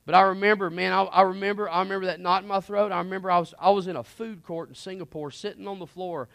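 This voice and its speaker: A man preaching and telling his personal testimony, earnest and impassioned, swinging between hushed moments and emphatic ones. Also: high-pitched, steady tone, quick pace, gravelly, no echo.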